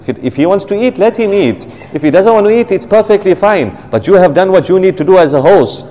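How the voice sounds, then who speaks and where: A man preaching a sermon, emphatic and slowing down to stress key phrases. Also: sits high, expressive, mellow. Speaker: preacher, maulana. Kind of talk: sermon with storytelling. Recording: long hall reverb.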